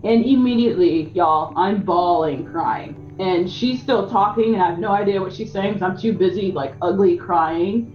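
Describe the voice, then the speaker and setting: A young woman, a soccer player, retelling a personal story in an interview, with lively acted quotes. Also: lowish voice, moderate pace, few pauses, muffled recording.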